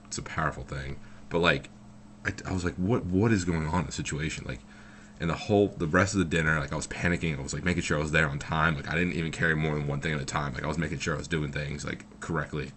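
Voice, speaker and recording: A man's voice: a bass voice, fairly even intonation, fast talker, pushed and bright, a little hiss or hum. A young man telling a story from his own life in a loose, rambling way, full of fillers and swearing. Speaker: vlogger. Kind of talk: casual storytelling.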